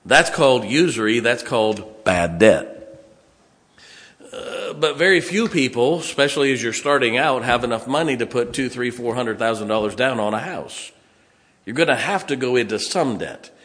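A man's voice: medium pitch, expressive, normal speed, a bit bright, long reverb tail. A male pastor preaching a sermon, reading scripture aloud and adding emphatic asides to his congregation.

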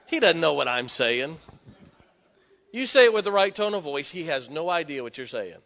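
A man's voice: on the high side, lively intonation, moderate pace, bright, forceful tone. A middle-aged man preaching a sermon, joking and folksy, with sudden emphatic rising bursts. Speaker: pastor. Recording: long hall reverb.

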